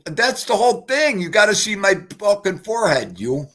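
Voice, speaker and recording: Brash, profane New livestream host. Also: male voice, sits high, sing-song, normal speed, a bit bright. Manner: brash, profane, greets chatters. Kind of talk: casual livestream chat.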